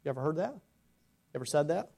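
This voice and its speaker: In this sermon, a man with a fairly high, gravelly voice talks fast, his intonation lively. He swings between loud urging and soft earnestness while voicing imaginary questioners and their responses.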